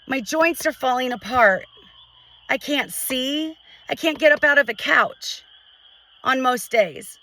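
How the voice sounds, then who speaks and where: A middle-aged woman venting to a phone camera at home, frustrated and halting, restarting her sentences often. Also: high-pitched, lively intonation, sharp tone, distant mic, poor audio. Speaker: vlogger. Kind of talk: emotional personal vent to camera.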